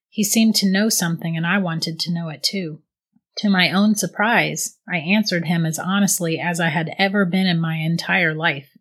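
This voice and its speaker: A woman giving steady, reflective first-person audiobook narration. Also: lowish voice.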